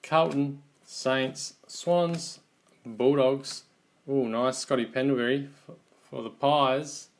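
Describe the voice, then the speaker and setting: An Australian man runs a live card break, naming each team and player as the cards come out. He talks at a slow, easy pace with a mid-range voice, relaxed and chatty with his viewers. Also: mid-range voice, a little hiss or hum. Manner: unhurried, relaxed running commentary, calling out teams one by one. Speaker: card box break host.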